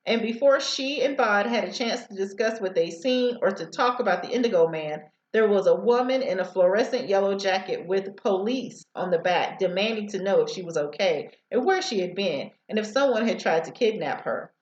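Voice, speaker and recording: A woman's voice: mid-range voice, animated, fairly quick, hardly any pauses, roomy sound, lo-fi sound. A woman teacher reading a novel aloud to students over a headset, sometimes stumbling over words.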